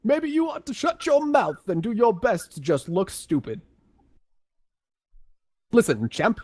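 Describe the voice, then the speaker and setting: A man putting on a gruff old explorer. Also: high-pitched, very animated, measured pace, darkish tone, dry recording, pitched above the performer's own voice, exaggerated voice.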